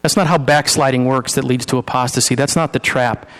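A man's voice: mid-range voice, fairly even intonation, brisk, fairly bright tone. A male pastor preaching an informal sermon, often repeating and restarting words as he talks with his congregation during a demonstration. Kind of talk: conversational sermon with live demonstration. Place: church sanctuary. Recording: long reverb of a large hall.

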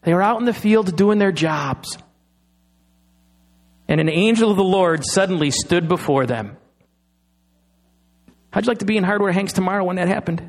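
A middle-aged man delivers a sermon as a pastor, his voice sitting high for a man. He leans on dramatic pauses and draws out the key phrases slowly.

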